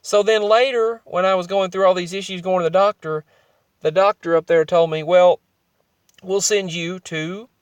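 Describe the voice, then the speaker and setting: A man's voice: sits high, fairly even intonation, a little fast, clean tone, no echo. A young adult man telling his own story in a vlog, rambling and emotional, often restarting his sentences.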